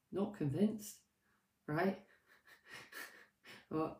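A woman coach talks through a live-streamed lesson in a somewhat low voice. She rambles with fillers and restarts and teases herself as she goes. Her voice sits back from the mic in a roomy, echoing space. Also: normal speed, pauses often, recorded from a distance. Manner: chatty and animated, with many fillers, restarts and self-mocking asides. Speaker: life coach.

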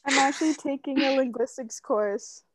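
A woman's voice: high voice, moderate pace, noisy background. A young woman student chatting casually with friends in a wry, offhand way. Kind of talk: casual group chat.

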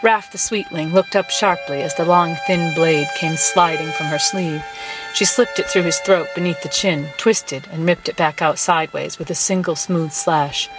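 A woman narrating a story in a measured, expressive reading voice. A violin plays clearly beneath her. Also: sits low. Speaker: podcast co-host reading passages. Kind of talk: dramatic audiobook narration. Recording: violin music underneath.

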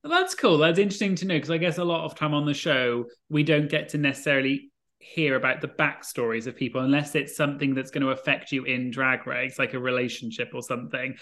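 A man's voice: mid-range voice, quick pace, pushed and bright. A man interviewing a guest for his channel, chatty and enthusiastic with his questions. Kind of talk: casual interview chat.

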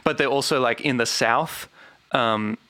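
A man's voice: mid-range voice, measured pace, bright, forceful tone, smooth, no echo. A man co-hosting a podcast, giving a casual, rambling review with many restarts and fillers. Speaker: podcast co-host. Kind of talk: casual chat.

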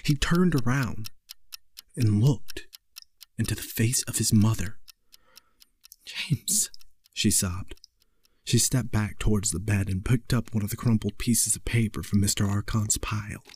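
A man narrating a horror story in a slow, measured way. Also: on the low side, steady tone, darkish tone, husky.

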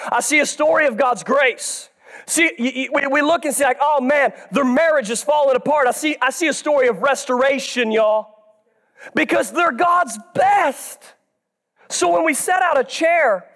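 A man preaching a sermon as pastor, swinging between soft, low stretches and loud, drawn-out shouts in a church. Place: church sanctuary.

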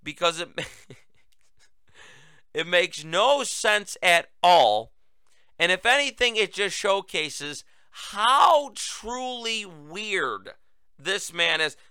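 A man's voice: high-pitched, sing-song, takes it slowly, sharp tone, clean tone, dry recording. A man hosting a political talk show, delivering a sarcastic, mocking monologue. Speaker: host.

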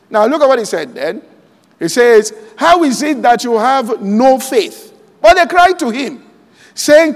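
Male pastor with a very high voice, preaching slowly to a congregation in a reverberant hall. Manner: preaching slowly and deliberately, quoting scripture aloud; checks in with the congregation often. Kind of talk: sermon. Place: large church hall.

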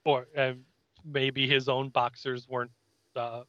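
A man's voice: mid-range voice, level tone, a little slow, bright, forceful tone, no echo, lo-fi sound. A man co-hosting a podcast, chatting casually as he recaps an episode and acts out the characters' lines. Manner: retells scenes, acting out character lines. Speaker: podcast co-host.

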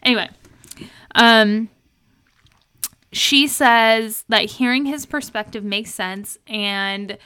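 Bright-voiced young woman recapping excitedly. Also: on the high side, slow, pauses often, smooth. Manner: animated storytelling, quoting people with laughs. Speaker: podcast co-host. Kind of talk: casual recap chat.

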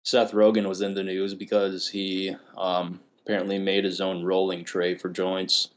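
A man's voice: low-pitched, monotone, moderate pace. A young man from Australia co-hosting a casual podcast, joking and teasing with laughs. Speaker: podcast co-host. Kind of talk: casual crude podcast banter.

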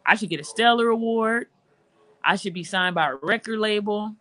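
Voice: medium pitch, normal speed, bright, forceful tone. A gospel singer guest telling a personal testimony in conversation, earnest and emotional, with frequent restarts.

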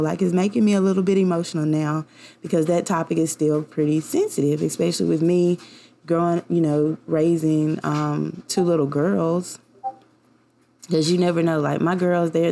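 A woman's voice: low voice, little pitch movement, normal speed, creaky, warm tone. A young woman hosting her own podcast, talking in a casual, rambling and heartfelt way with many fillers. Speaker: podcast host. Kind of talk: casual personal podcast monologue.

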